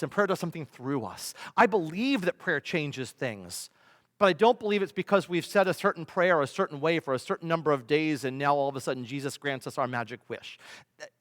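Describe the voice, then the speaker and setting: A man, a pastor, preaching a sermon with emphatic delivery, rhetorical questions and swings between loud and soft. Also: fairly high pitch. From United States. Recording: long reverb of a large hall.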